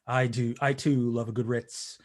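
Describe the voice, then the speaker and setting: A man hosting a podcast in casual chat, with a dry, deadpan delivery. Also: mid-range voice, moderate pace. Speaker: podcast host.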